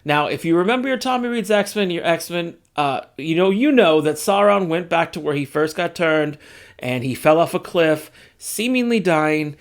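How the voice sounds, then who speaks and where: Male comic-recap host with a high voice, lively and jokey, slips into quick character bits. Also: vocal fry. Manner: animated, jokey, acts out characters in quick asides. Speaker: comic book reviewer and channel host. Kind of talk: casual comic issue recap.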